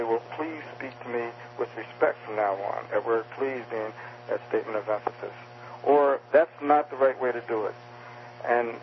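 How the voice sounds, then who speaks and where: A man is interviewed as an author and explains communication skills. He speaks hesitantly, often stopping and restarting his sentences. The recording sounds dull and muffled, with a faint hum beneath it. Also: mid-range voice. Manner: hesitant, many restarts and fillers. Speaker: author and guest.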